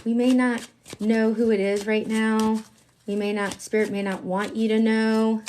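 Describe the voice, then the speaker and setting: Slow-talking chatty tarot reader woman. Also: a little high, slight background noise. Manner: chatty, emphatic, slangy, swings between hushed and excited. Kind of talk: live-streamed tarot reading.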